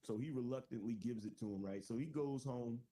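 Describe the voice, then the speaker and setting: A man's voice: medium pitch, brisk, mellow. Slangy man telling a dirty joke. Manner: loose, slangy, keeps checking in with "right?". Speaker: joke teller. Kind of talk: casual storytelling on a group call.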